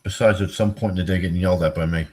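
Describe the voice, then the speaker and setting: A man's voice: fairly even intonation, very fast, darkish tone, husky. A middle-aged man rambling casually on his own livestream, joking and telling stories. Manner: rambling, jokey, swings into high squeaky bits. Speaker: livestream host.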